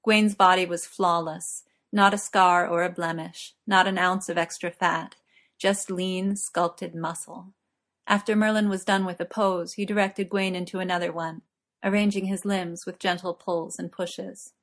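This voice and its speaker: A woman narrates a story in a steady, measured way. Her voice sits low and even as she reads. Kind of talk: story reading.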